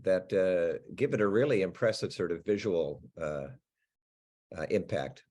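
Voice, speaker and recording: Middle aged american guy, actor chatting in an interview, pitch jumps all over. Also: unhurried. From United States. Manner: animated, chatty, frequent restarts and laughs. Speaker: actor guest. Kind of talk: casual interview chat.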